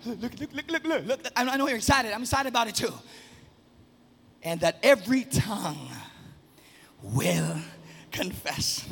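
High, gravelly preacher shouting. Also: male voice, lively intonation, a little slow, long pauses. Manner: shouting, sing-song preaching with sudden soft drops. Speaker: pastor. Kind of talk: sermon. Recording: long reverb of a large hall.

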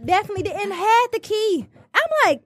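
A woman's voice: very high voice, brisk, a bit bright. A woman telling a personal story in a casual group podcast chat, laughing often and repeating herself. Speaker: podcast co-host.

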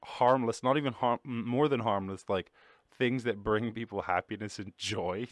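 With no echo on the track, a lowish male voice belongs to a young Irish podcast host talking by himself. He rambles in a casual way, curses freely, makes fun of himself and jumps quickly into put-on voices.

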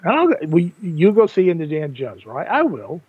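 An older man co-hosts a casual podcast in a highish, breathy voice with wildly swooping pitch, speaking at normal speed. His sentences ramble, often restarting and repeating words, and the dry, tinny line sounds like a phone with no room sound.

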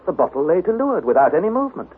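An actor playing an earnest young nephew who narrates a perilous voyage in a 1960s radio drama. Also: male voice, on the high side, very animated, racing, breathy edge, full character voice. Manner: earnest, anxious, pleading. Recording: tinny, hissy old radio broadcast.

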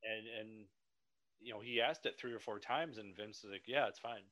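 A man interviewing a guest in a casual, halting conversational way. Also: on the low side, crowd noise.

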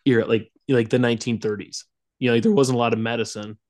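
A young man co-hosts a casual podcast and tells a story in loose, rambling bursts, breaking into laughter now and then. His voice sits in an ordinary middle pitch. The sound is dry and close. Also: fairly even intonation, fast, darkish tone, no room sound. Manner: rambling, laughing storyteller who acts out quotes. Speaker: podcast co-host.

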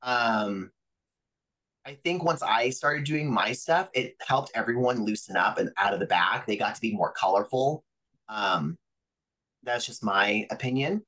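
A young adult man, a pro wrestler guest on a podcast, telling stories in a lively, profane way and acting out other people's voices. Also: mid-range voice, unhurried, rough recording. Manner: animated, profane, acts out quoted voices. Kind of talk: casual interview storytelling.

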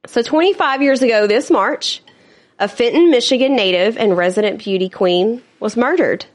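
A woman's voice: fairly high pitch, normal speed. A woman co-hosting a true-crime podcast, chatting casually, laughing often and tossing in blunt asides. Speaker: podcast co-host.

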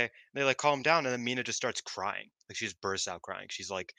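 A man's voice: medium pitch, steady tone, brisk, few pauses, pushed and bright, smooth, dry recording. A man co-hosting a casual chat, rambling and swearing, full of fillers. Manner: rambling, profane, lots of fillers. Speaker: podcast co-host. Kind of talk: casual chat about pro wrestling.

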